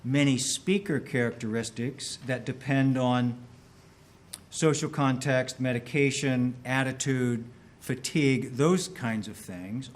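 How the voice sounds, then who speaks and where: A man in a courtroom questioning an expert witness carefully, restating questions with small restarts. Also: mid-range voice.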